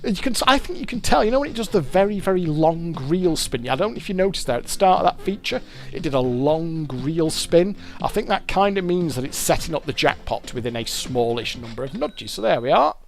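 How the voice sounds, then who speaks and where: A man's voice: on the high side, big pitch swings, fairly quick, gravelly. A British man giving casual, rambling commentary while he plays a fruit machine game and explains its features.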